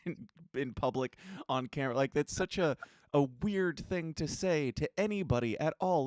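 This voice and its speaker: A man's voice: a little high, darkish tone, no echo. Blunt, exasperated male podcast co-host. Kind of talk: casual news-commentary chat.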